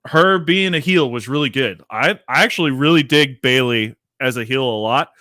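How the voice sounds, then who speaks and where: Chatting to his livestream audience, this host rambles energetically, with casual swearing and self-directed laughter. His bright, forceful voice is medium-pitched at a normal speed, and the sound is close and dry with no room sound.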